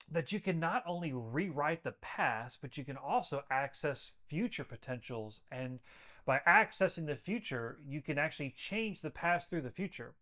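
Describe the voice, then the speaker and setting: Speaking in a voice on the high side with a fairly bright tone, a man who treats patients guests on a podcast. He tells stories in an interview conversation, earnest and emphatic, building his points by repeating them.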